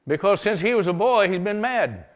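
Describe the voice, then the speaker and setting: A man preaching a revival sermon, telling a Bible story in a folksy, animated way, often chuckling. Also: sits high, moderate pace.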